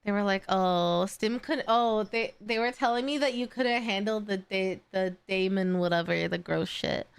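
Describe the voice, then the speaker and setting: A woman streamer chatting casually on a live stream, excitable and swearing freely. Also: mid-range voice, moderate pace, creaky, hardly any pauses, smooth, no room sound. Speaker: streamer reacting to a video.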